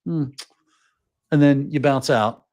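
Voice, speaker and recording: A man's voice: medium pitch, normal speed, no room sound. A man hosting a casual live show, giving advice and acting out little quoted scenes as he talks. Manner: animated, acts out little scenes in quoted voices. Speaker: podcast host.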